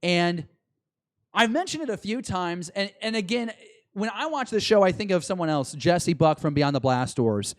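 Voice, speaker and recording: A man co-hosting a podcast, chatting excitedly and rambling as an eager fan. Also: high-pitched, moderate pace, no room sound, studio quality. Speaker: podcast co-host. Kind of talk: casual chat.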